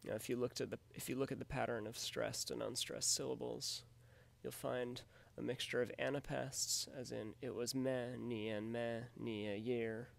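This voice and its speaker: Male lecturer, mid-range voice with a gravelly edge, patient and methodical. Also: medium pitch, fairly bright tone. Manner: methodical, explanatory, often says "in fact". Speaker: literature teacher. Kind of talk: recorded lecture on poetry.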